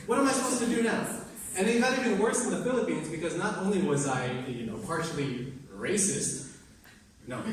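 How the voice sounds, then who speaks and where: A man's voice: on the high side, slight background noise. A young American man performing impromptu stand-up comedy, talking to the crowd in a crude, exasperated way. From United States. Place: open mic venue. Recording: echoey room, distant mic, crowd ambience.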